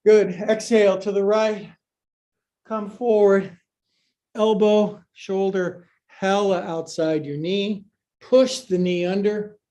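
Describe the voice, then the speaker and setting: Playful, breathy male yoga teacher. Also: high voice, fairly even intonation, slow pace, warm tone. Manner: playful, jokey cueing of poses. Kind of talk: live-streamed yoga class instruction.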